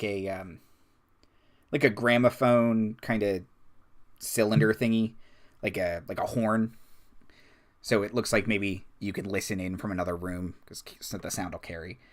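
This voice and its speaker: A man's voice: fairly low pitch, fairly bright tone. A man narrating a tabletop game as game master, rambling along with lots of ums and likes.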